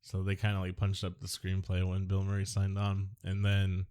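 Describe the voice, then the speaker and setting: A man's voice: sits low, monotone, moderate pace, dark tone. A man co-hosting a casual movie podcast, joking and rambling between facts about the film. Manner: jokey, rambling, silly impressions. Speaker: podcast co-host.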